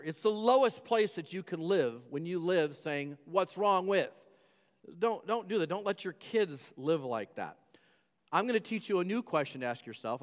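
A man preaching a sermon as pastor, emphatic and repetitive, often restarting his phrases. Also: fairly high pitch. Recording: long hall reverb.

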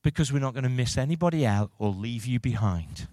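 A male pastor preaching a sermon, moving from quiet reflection to loud, rousing calls to the congregation. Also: mid-range voice, lively intonation, a little fast, no room sound, clean studio sound.

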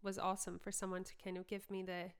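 Young Scottish woman, podcast host, chatty storyteller, smooth clear tone. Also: medium pitch, completely flat delivery, quick pace. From Scotland. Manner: chatty, storytelling, frequent fillers. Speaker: podcast host and singer-songwriter. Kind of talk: casual reminiscing chat.

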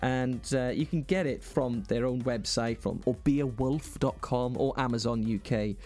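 A man's voice: medium pitch, moderate pace, a little mellow, soft background music. A man in his forties co-hosting a podcast, telling stories in casual chat and acting out voices in his anecdotes. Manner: chatty storyteller, acts out voices in anecdotes. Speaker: podcast co-host.

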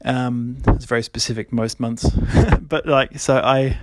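A man's voice: medium pitch, level tone, a little slow, very noisy. A young man hosting a podcast, talking casually with many fillers and frequent laughs. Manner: rambling, lots of fillers, laughs often. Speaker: podcast host.

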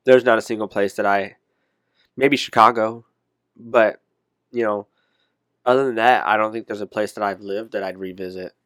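A man's voice: lowish voice, steady tone, moderate pace, long pauses, fairly bright tone, dry recording. Man, casual chat, rambling, self-correcting, dry close sound. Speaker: conversation partner.

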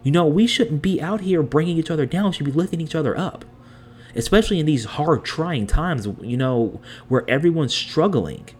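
A man's voice: on the high side, animated, fairly quick, darkish tone, slight background noise. A man in his twenties hosting a podcast, talking through a blunt personal monologue that runs into heated, profane rants. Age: 20s. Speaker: podcast host.

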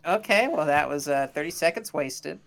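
A man's voice: on the high side, expressive, moderate pace, creaky, crowd noise. A man co-hosting a comedy podcast, cracking wry jokes. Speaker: podcast co-host.

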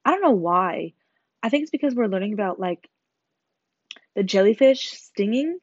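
A woman's voice: mid-range voice, expressive, normal speed, no room sound. A teenage girl in a rambling, swearing, self-mocking chat to camera. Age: teens. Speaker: vlogger. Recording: slightly dull lo-fi sound.

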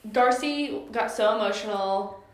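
A woman's voice: medium pitch, normal speed. A woman co-hosting a podcast, chiming in with short agreeing remarks, recorded without a proper mic. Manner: brief interjections and agreeing remarks. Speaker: podcast co-host. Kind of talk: casual chat. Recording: echoey room, no proper mic.

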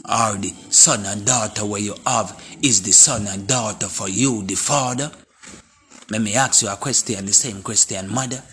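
A man's voice: fairly low pitch, moderate pace, slight background noise. A man with a Jamaican accent giving a confrontational, preachy monologue in patois. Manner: forceful and confrontational. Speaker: vlogger. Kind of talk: impassioned monologue to camera.

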